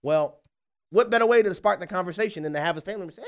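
A man hosting a radio talk show, hoarse and scratchy-voiced, chuckling and rambling loosely with restarts. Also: sits high, very fast.

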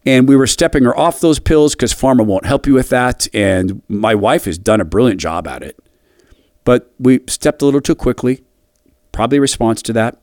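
A man's voice: lively intonation, darkish tone, no echo. An earnest middle-aged man tells a personal story on his commentary show. His voice rises and falls widely as he speaks, and he often stops to restart a phrase. The sound is close and dry, with no room around it. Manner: earnest, halting, with restarts and a wide pitch swing. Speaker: radio commentary host.

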